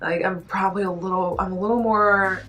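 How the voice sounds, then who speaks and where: A woman vlogging a music reaction, gushing and excitable, with many "like"s as she chats to camera. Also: medium pitch, brisk, slight background noise. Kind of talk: casual chat to camera.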